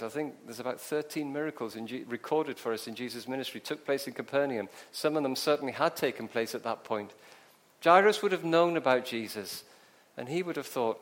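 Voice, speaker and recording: A man preaching a sermon, telling a story with drama and acting out the scenes. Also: mid-range voice.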